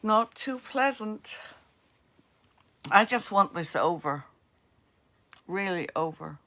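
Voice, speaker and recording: A woman's voice: mid-range voice, animated, slow, sharp tone. A woman with a New Jersey accent, hosting a crafts livestream and chatting casually with viewers in the comments. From northeastern US. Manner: chatty, friendly asides to commenters.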